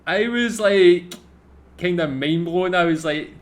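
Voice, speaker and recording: A man's voice: high-pitched, slow, noisy background. A Scottish man hosting a reaction video, chatting casually and laid-back, often saying "man". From Scotland.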